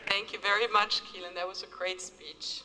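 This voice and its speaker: A woman's voice: mid-range voice, flat delivery, moderate pace, crowd noise. A woman hosting a graduation ceremony, calling out names in an upbeat announcing manner. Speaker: ceremony host. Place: large ceremony hall. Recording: reverberant hall with noise.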